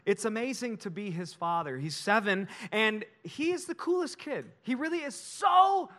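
Male pastor, high voice, animated storytelling sermon. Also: moderate pace.

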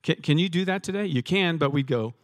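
Male pastor, casual sermon, rhetorical questions, somewhat high voice. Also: animated, a little fast, no echo. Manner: conversational preaching with rhetorical questions and repeated words.

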